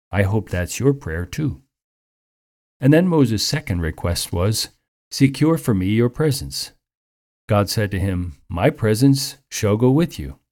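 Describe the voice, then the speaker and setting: A man preaching a sermon in an earnest, measured way, lifting his voice for emphasis. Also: fairly low pitch, a little mellow.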